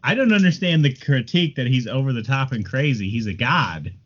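A man's voice: medium pitch, expressive, fairly quick, husky. A man co-hosting a podcast in casual chat, teasing the others with dry remarks. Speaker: podcast co-host. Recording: muffled lo-fi audio.

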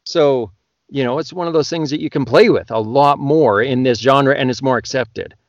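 A man with a Canadian accent, an audiobook narrator on a podcast, talks loudly and gets excited. His voice is close and dry, with no room sound. He sits at a middle pitch. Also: a little fast, no room sound, lo-fi sound. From Western Canada. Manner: loud, excitable talker. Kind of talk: casual podcast chat.

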